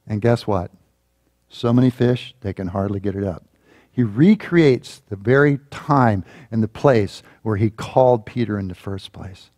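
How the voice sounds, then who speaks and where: A man preaching a sermon as a church pastor, telling a Bible story with lively acted-out voices. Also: lowish voice, normal speed, dry recording, clean studio sound. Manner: animated storytelling, acting out quoted voices.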